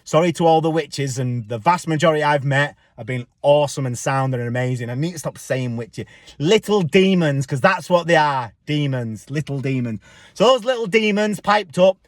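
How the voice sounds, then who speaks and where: Man, high-pitched voice, blunt and swearing, dry close sound, casual vlog rant. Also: lively intonation, moderate pace, dry recording. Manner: blunt, profane, defiant. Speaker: spiritual vlogger. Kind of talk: casual ranting monologue.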